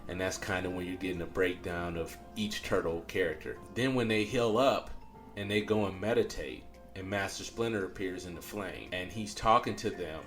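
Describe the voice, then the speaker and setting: Low-voiced man swearing through a podcast chat. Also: moderate pace, soft background music. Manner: profane, excitable storyteller. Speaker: podcast host. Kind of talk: casual chat.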